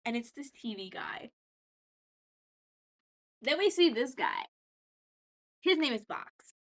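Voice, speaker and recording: A tipsy woman casually rambling through a recap while she draws. She is chatty and profane, and she acts out characters' lines in quick bursts. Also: sits high, very animated.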